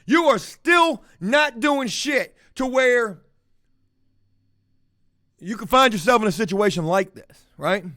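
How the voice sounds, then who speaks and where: A man's voice: extremely high pitch, expressive, slow, pauses often, bright, forceful tone, dry recording, clean studio sound. A man telling a story to camera as a profane, mocking rant. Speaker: vlogger.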